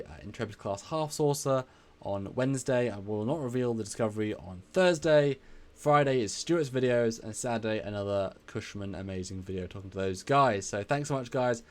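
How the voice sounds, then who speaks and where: Brief: male stream host, lowish voice, warm thanks, rambling and repetitive. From England. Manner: rambling, effusive, repeats himself. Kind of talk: casual live stream chat.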